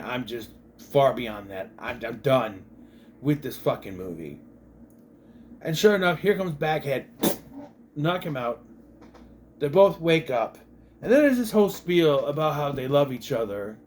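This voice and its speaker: A man in a casual movie-review rant, his voice pitched a little high and leaping up and down as he gets worked up. He swears freely and acts out the characters' lines in mock voices. A faint noise sits under the recording. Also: sing-song, moderate pace, a little mellow.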